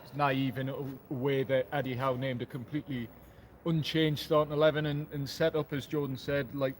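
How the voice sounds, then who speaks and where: A man giving casual, measured football analysis outdoors at a stadium, sounding downbeat about the result. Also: mid-range voice, little pitch movement, slight background noise. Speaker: football fan pundit.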